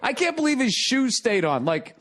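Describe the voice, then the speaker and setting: A man telling a story on a podcast in an animated way. He laughs often, swears, and makes sound effects as he goes. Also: very high-pitched, moderate pace.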